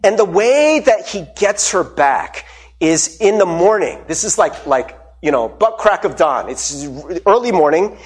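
A male pastor giving a sermon, telling stories with animated delivery and acting out the lines he quotes. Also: unhurried, breathy edge. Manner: animated storytelling, acts out quotes with shifting pitch.

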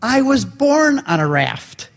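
A man with a high voice gives a dramatic, storytelling talk in a large hall, and he jumps between voices as he acts out each exchange. His words ring out with a long reverb tail behind them. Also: sing-song, slow, creaky. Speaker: speaker and convert giving a talk.

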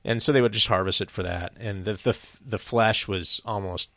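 A middle-aged man with a low-pitched voice rambles through a story in casual podcast chat. He swears freely and laughs often. The sound is dry and close, with no room echo. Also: normal speed, fairly bright tone. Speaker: podcast co-host.

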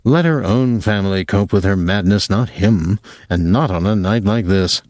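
A man narrating a novel aloud in a lively, expressive reading style. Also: lowish voice, normal speed, no room sound. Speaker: audiobook narrator. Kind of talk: scripted narration.

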